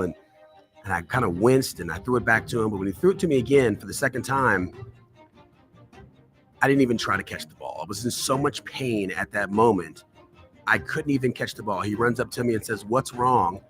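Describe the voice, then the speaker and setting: A man's voice: on the low side, fairly bright tone. A man giving a motivational talk, telling a personal story with dramatic pacing and acting out the voices of the people in it. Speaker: motivational speaker.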